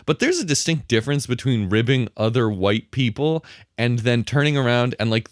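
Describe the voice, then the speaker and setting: A man's voice: medium pitch, smooth, no room sound, studio quality. A young man co-hosting a film podcast, chatting casually, laughing and mimicking film characters. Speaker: podcast co-host. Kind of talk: casual film review chat.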